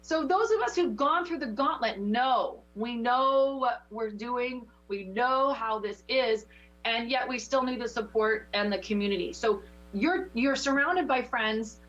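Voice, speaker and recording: A woman working as a spiritual teacher who gives oracle card readings and coaching in a passionate, preachy, lively way. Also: on the high side, a little slow, dull audio. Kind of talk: intuitive coaching chat.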